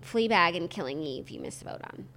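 A woman's voice: on the low side, expressive, fairly quick, pushed and bright. A young woman co-hosting a podcast, chatting casually with a dry, teasing manner. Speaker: podcast co-host. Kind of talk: casual chat.

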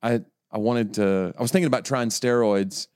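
A man's voice: on the low side, moderate pace, darkish tone, smooth, dry recording, studio quality. A man, a comedian, chatting casually and joking as a podcast guest. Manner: jokey, playful storyteller.

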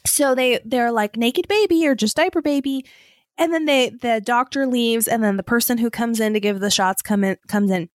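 A woman's voice: a little high, normal speed, no echo, studio quality. A woman co-hosting a podcast in casual chat, telling stories full of "like" and quoted voices. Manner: storytelling, full of "like" and "you know", quoting others. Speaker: podcast co-host.

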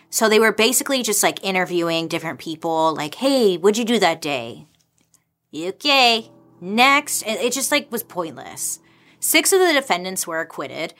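Bright, chatty young woman telling history. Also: on the low side. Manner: chatty, sarcastic asides. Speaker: history storyteller host. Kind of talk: casual history storytelling.

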